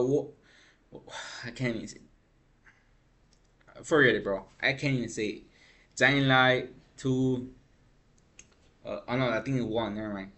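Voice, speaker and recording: A young man giving a casual gaming news rant, rambling and frustrated, swearing and saying "bro" a lot. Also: medium pitch.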